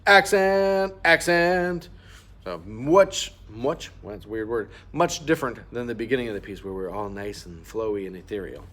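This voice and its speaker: A man's voice: fairly low pitch, fast talker, hardly any pauses. Patient man teaching clarinet. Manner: patient, explanatory, sings rhythms aloud. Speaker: band teacher. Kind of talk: instrument lesson walkthrough.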